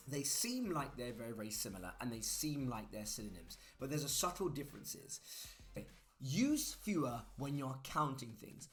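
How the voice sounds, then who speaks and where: A man's voice: mid-range voice, a bit bright. A man teaching grammar in a chatty way, spelling words out letter by letter. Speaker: English teacher. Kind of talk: grammar lesson.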